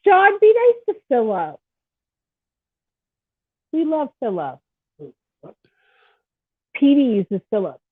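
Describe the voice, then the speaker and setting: A woman's voice: high voice, wildly swooping pitch, takes it slowly, pauses often, no echo. A woman hosting a podcast in casual chat, talking in a chatty, rambling, teasing way with a stuffed-up nose. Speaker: podcast host. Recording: tinny phone-like line.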